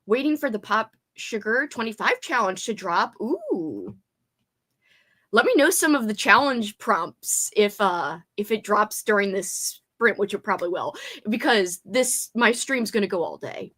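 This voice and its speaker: A woman's voice: medium pitch, lively intonation, a little slow, fairly bright tone. A woman hosting a casual reading livestream, bubbly, greeting viewers by name and laughing often. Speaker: booktube livestream host. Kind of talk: casual live chat with viewers.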